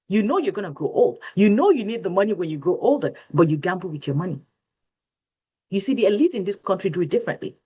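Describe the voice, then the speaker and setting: Lively seminar presenter. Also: mid-range voice. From West Africa. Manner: preachy, repeats points, asks the audience rhetorical questions. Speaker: financial education presenter. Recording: dull lo-fi recording.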